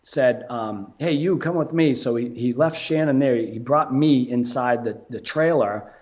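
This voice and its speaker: A man, a guest on a podcast, telling a story in a casual, animated way, swearing and laughing as he goes. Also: mid-range voice, measured pace, highs cut off.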